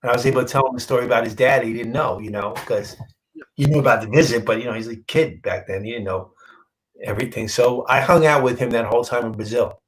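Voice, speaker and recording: A male comic book artist telling a story in a casual interview, animated and acting out quoted dialogue, halting and repeating himself when moved. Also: mid-range voice, low-quality recording.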